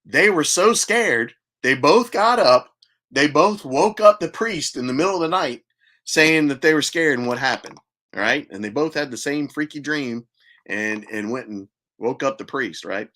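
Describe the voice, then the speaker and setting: Older man rambling through a bright story. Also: a little high, lively intonation, normal speed. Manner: chatty, laughs at his own stories. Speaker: podcast host.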